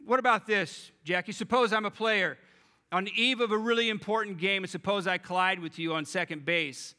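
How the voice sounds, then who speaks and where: A man's voice: sits high, a little fast, sharp tone, pitched above the performer's own voice. A man voicing a stern older baseball manager who presses with emphatic, testing questions. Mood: challenging.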